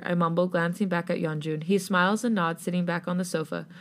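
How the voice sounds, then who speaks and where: Low-voiced woman narrating fan fiction. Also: little pitch movement, fairly quick, slight background noise. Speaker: podcast host. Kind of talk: reading fan fiction aloud.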